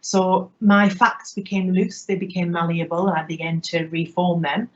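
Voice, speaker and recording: A woman giving a keynote talk. She tells personal stories with humor, self-mocking asides and quick jokes. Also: on the low side, little pitch movement, dull audio. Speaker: keynote speaker.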